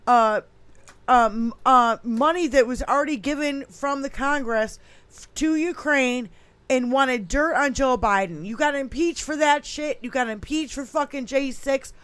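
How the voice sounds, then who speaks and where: A woman's voice: sits high, measured pace, a bit bright, smooth, no echo. A woman co-hosting a casual political podcast, ranting heatedly with a lot of swearing. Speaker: podcast co-host.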